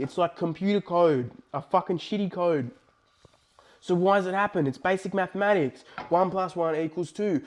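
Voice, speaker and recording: An excitable young man talking straight to camera, cursing freely as he tells a personal story. His voice sits a bit high for a man, and he lurches between shouted disbelief and low, near-whispered asides. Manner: profane, excitable, swings between loud outbursts and hushed asides. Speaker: vlogger.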